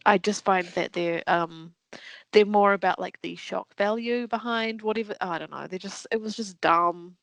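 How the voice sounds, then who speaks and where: A woman co-hosts a casual podcast, retelling stories with lively, animated flair and voicing the people she quotes. She swears freely as she talks. The recording is dry and close, with no room sound. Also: mid-range voice, normal speed, vocal fry, dry recording, rough recording. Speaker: podcast co-host. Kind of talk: casual chat.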